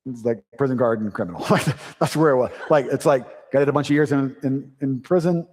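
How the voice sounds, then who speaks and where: A man preaching a sermon in a church, in a conversational, punchy style with quick asides and sarcasm. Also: medium pitch, a little mellow, big-room sound. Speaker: pastor. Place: church sanctuary.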